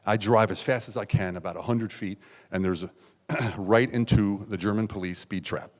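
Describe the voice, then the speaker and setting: A middle-aged man from the United States telling a raw, confessional personal story on stage, with sudden loud outbursts and hushed asides. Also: fairly low pitch, steady tone, normal speed. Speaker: keynote speaker. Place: large hall on stage. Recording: stage talk with long hall reverb.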